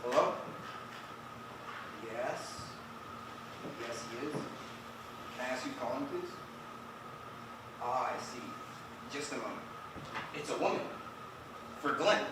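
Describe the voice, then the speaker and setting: A man acting on stage as a flustered, bossy host trying to keep everyone calm. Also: medium pitch, takes it slowly, long pauses, heavy background noise, natural voice. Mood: hushed. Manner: exasperated, bossy. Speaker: stage actor. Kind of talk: live stage play. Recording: echoey stage recorded from far off.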